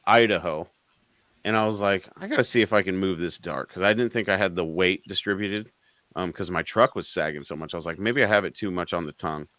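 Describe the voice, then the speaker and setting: A man's voice: sits low, fairly quick, a bit bright, dry recording. A man co-hosting a live car show, telling a story in casual chat, swearing freely and laughing between lines.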